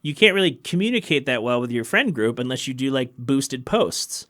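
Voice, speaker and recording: A man who is both musician and podcast host chats solo on his own show in a medium-pitched, expressive voice at a moderate pace. He rambles wryly and laughs often, while loud keyboard music plays under his voice.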